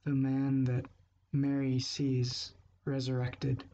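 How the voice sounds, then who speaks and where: A man teaching a language lesson, explaining grammar step by step and patiently repeating example phrases slowly. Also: mid-range voice, monotone, warm tone, muffled recording.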